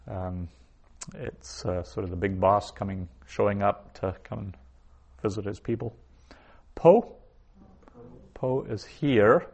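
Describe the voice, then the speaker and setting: A man teaching a recorded language lesson, saying each word twice and then explaining it. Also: medium pitch. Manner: slow, repeats each word twice before glossing it. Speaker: Hebrew teacher.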